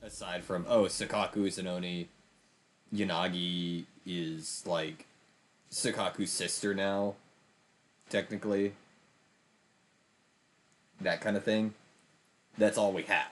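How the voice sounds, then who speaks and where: A man's voice: deep voice, fairly even intonation, takes it slowly, long pauses. A young man streaming a game, giving a rambling, emphatic commentary with frequent restarts. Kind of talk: casual gameplay commentary.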